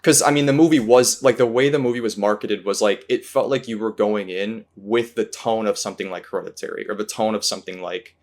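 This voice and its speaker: A man's voice: lowish voice, steady tone, brisk, hardly any pauses, a little mellow. A man hosting a casual movie discussion, rambling and hesitant, full of fillers and restarts. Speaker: podcast host.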